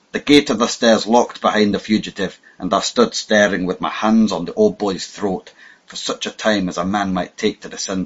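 Male audiobook narrator, lowish husky voice, measured dramatic delivery; muffled recording. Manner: measured, dramatic first-person reading. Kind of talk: scripted narration. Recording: dull lo-fi audio.

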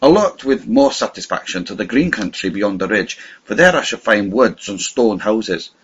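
Male audiobook narrator, husky, expressive pitch, measured storytelling, muffled lo-fi recording.

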